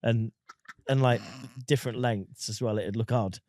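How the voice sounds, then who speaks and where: A man's voice: on the low side, moderate pace, a little mellow, no echo, clean studio sound. A man hosting a podcast, bantering and teasing his co-hosts in casual chat.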